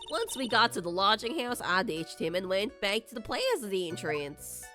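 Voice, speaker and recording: A woman voicing a rude male ventriloquist puppet in a put-on country accent, mocking and insulting. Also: mid-range voice. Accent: attempted country accent.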